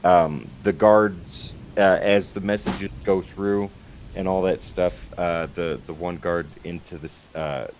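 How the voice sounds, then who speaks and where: A man narrating as game master, relaxed and halting. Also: low-pitched, slight background noise, rough recording.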